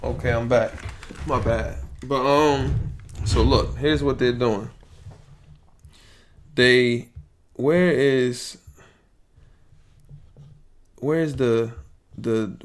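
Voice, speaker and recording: A young man rambles through casual podcast talk, swearing loosely as he goes. His voice sits mid-range with a gravelly creak. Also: medium pitch, steady tone, slow pace, pauses often. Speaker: podcast host.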